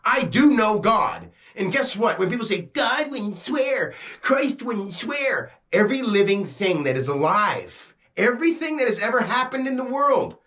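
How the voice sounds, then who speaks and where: A man with a high, fairly bright voice rants straight to camera as a self-styled spiritual teacher. His monologue is frustrated and preachy, and he swears freely.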